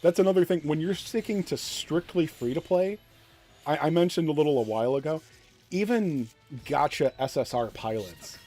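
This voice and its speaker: A man's voice: on the high side, expressive, moderate pace, dark tone, soft background music. Blunt rambling male game streamer. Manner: blunt, rambling, self-deprecating, swears. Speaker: gaming streamer. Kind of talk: casual live-stream commentary.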